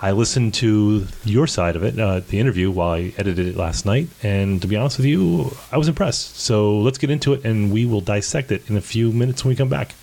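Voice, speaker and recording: A man's voice: on the low side, a little fast, gravelly, few pauses, darkish tone, slight background noise. A man from Philadelphia co-hosting a podcast at a kitchen table, joking in a dry way. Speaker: podcast co-host. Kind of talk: casual banter.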